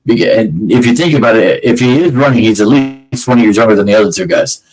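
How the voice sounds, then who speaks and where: A man's voice: fairly low pitch, lively intonation, quick pace, darkish tone, rough recording. A man hosting a podcast, giving a casual, rambling rundown with frequent restarts and fillers. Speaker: podcast host. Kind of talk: casual solo commentary.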